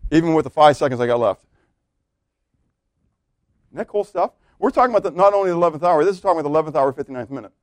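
A man preaching a sermon as pastor, swinging between loud exclamations and quiet asides. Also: fairly high pitch, animated, fast talker, no room sound, studio quality.

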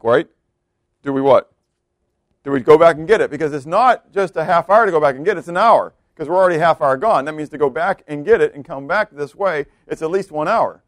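A man with a Southern US accent preaching a sermon, animated and folksy, acting out the voices of biblical figures as he tells the story. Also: fairly high pitch, no echo, clean studio sound. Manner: folksy asides to the congregation. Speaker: pastor.

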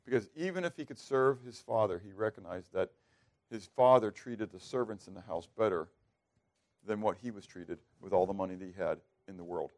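Speaking fairly quickly in a fairly low, darkish voice, a male pastor delivers a sermon. He puts questions to his listeners and dramatizes the prayers he quotes.

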